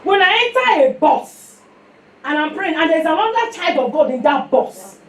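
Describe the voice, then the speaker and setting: A woman's voice: very high-pitched, normal speed. A woman with a Nigerian accent preaching a sermon, telling stories animatedly and calling for responses from her listeners. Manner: animated storytelling with call-and-response. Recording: echoey room, far from mic, faint noise.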